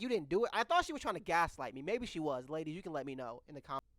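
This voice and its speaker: Bright-voiced animated young man storyteller. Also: fairly high pitch, very fast, no echo, clean studio sound. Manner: animated, laughs often, stumbles and restarts; swears casually, addresses viewers directly. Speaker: vlogger telling a story. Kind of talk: casual storytime monologue.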